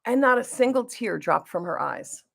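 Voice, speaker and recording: A woman's voice: fairly high pitch, lively intonation, moderate pace, gravelly. A middle-aged woman chatting casually as she does her makeup and reads viewer comments aloud. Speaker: beauty vlogger. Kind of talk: casual get-ready-with-me chat.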